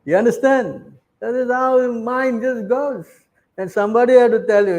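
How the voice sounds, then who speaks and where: A man with a fairly high voice gives a scripture class, reading verses aloud and then breaking them down in short, emphatic bursts. He keeps tossing rhetorical questions at the room, "huh?", "what?", as he drives each point home. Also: a little slow, long pauses, darkish tone, low-quality recording.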